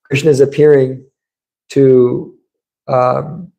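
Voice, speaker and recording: Gravelly, mellow-voiced man giving a temple class. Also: medium pitch, level tone, takes it slowly, poor audio. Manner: conversational storytelling, acts out quotes. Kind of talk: sermon. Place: temple room.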